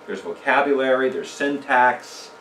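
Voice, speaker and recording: A man's voice: mid-range voice, animated, unhurried, a bit bright, a little hiss or hum. Man teaching a church seminar, echoey room. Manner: conversational, asks the audience questions, tells jokes. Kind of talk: casual church seminar talk. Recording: echoey room, mic from a distance.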